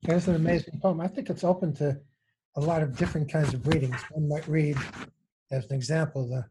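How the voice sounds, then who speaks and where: A man who edits poetry, reading lines aloud and unpacking them in an engaged, animated way with frequent restarts. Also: on the high side, fairly quick, noisy background. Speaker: poetry editor. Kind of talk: conversational discussion of poetry.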